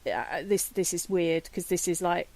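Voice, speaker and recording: A woman's voice: fairly low pitch, animated, a little slow, darkish tone, dry recording. A British woman hosting a casual interview in a friendly, conversational way with plenty of fillers. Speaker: host.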